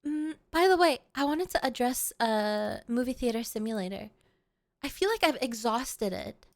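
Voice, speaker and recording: Woman, streamer, high voice, playful, giggly, rambling casual chat. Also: lively intonation, moderate pace. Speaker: VTuber streamer. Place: at home.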